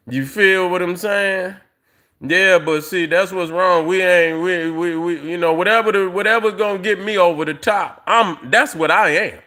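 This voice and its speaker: A man's voice: sits high, steady tone, normal speed, pushed and bright. A middle-aged man ranting on a casual livestream, profane and rambling, with lots of fillers, talking straight to his viewers. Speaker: livestream host.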